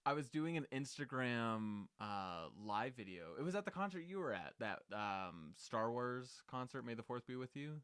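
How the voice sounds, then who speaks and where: Young male co-host, lively intonation, relaxed storyteller. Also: medium pitch, moderate pace, hardly any pauses, clean tone. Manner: laid-back, storytelling, swears casually. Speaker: podcast co-host. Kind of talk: casual livestream chat.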